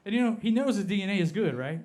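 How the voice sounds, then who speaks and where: A man with an Appalachian American accent, doing stand-up in a comedy club. His voice sits a little high for a man. He delivers deadpan, slowing down on each punchline. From Appalachia, United States.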